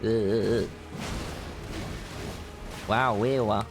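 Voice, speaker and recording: Over game music, a man streams a video game live and chats with viewers, swearing in frustration at a boss fight and breaking into shouts. His voice is on the low side, with a measured pace and frequent pauses.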